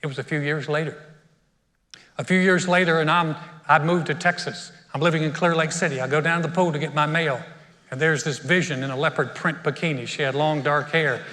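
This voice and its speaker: A man's voice: a little high, fairly even intonation, fairly quick, bright, forceful tone. A middle-aged man preaching a sermon, telling a personal story and getting choked up with emotion. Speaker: pastor. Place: church sanctuary. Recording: long reverb of a church hall.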